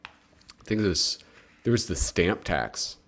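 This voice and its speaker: A male live-stream host talking to his chat in a loose, joking way. His pitch swings widely between low asides and high bursts of excitement. He sounds casual and playful as he reads from a comic magazine. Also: slow pace. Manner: animated and joking, with sudden excited yelps; talks to chat viewers.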